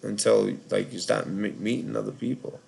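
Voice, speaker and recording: Tired, gravelly Boston man rambling. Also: lowish voice, fairly even intonation, normal speed, a little mellow. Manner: rambling, filler-heavy, lots of "like". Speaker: call-in show host. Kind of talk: casual live call-in chat.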